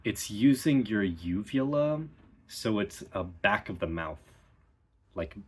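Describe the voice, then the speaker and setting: A man giving a relaxed, explanatory video lesson as a dialect coach, pausing often with ums. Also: fairly low pitch, husky.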